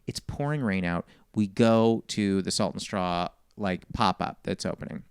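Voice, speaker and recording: A man's voice: sits low, a little slow, clear, resonant tone, no room sound, studio quality. A man and comedian telling a long story in a casual podcast chat, acting out the people in it. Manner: animated storyteller, quotes people. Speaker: comedian guest.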